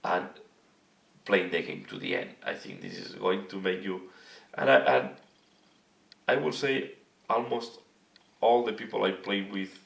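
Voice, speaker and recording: A hoarse man hosting a hobby video channel, talking casually and earnestly to camera and searching for his words. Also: lowish voice, sing-song, measured pace, long pauses, a bit bright. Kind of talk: casual vlog talk to camera. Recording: echoey room, mic at a distance.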